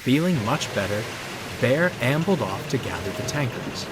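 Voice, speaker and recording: A man narrating a train story in a measured, expressive reading voice. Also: medium pitch, noisy background. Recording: music under the narration.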